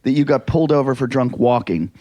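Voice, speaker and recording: A man's voice: mid-range voice, fast talker, crowd noise. A man co-hosting a casual podcast, teasing his friend and pushing to tell the story his way. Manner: teasing, pushy, retells stories. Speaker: podcast co-host. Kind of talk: casual chat.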